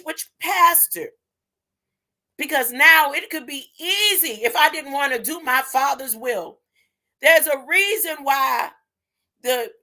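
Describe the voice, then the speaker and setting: A woman preaches in an impassioned spiritual monologue, her voice pitched high and ringing bright. She takes her time, stretching out phrases and then bursting louder, and she keeps checking in with a rising "huh?". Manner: emphatic, tags points with a rising "huh?"; drawn-out, deliberate phrasing with sudden loud bursts.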